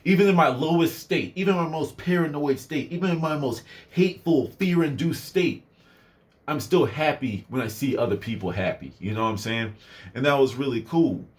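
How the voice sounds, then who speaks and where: A man's voice: fairly high pitch, normal speed. A young man casually telling a personal story in a rambling way, full of fillers and asides. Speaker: vlogger.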